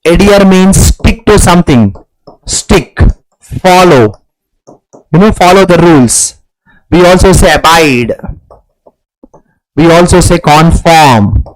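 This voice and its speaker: A man with an Indian English accent teaches an online exam-prep English class, repeating key phrases and explaining each answer with emphasis. His voice sits high. The recording is dry and close, with no room sound. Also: expressive, slow pace, pauses often, no room sound, rough recording.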